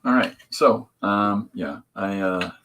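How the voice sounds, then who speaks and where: Here a man speaks slowly in a fairly low voice over a noisy background. He's the host of a live stream, joking around and meandering in casual chat as he draws comics, frequently starting his sentences over.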